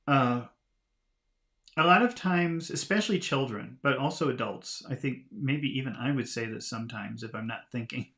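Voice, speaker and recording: A man teaching English vocabulary by reading a storybook aloud, talking in a relaxed, chatty way and laughing at himself. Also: medium pitch, moderate pace. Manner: relaxed, chatty, laughs at himself, lively voices for quoted lines.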